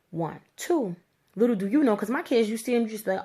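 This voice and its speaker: A woman telling a story to camera in a blunt, animated rant, with slangy speech and free swearing. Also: fairly high pitch, fairly quick, slightly rough. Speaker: vlogger.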